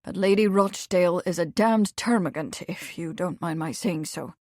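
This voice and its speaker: A woman's voice: fairly low pitch, normal speed, a little mellow, no room sound, clean studio sound, lightly acted. A woman voicing a young male royal guard who speaks firmly and a little stiffly. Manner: firm, clipped, then awkward.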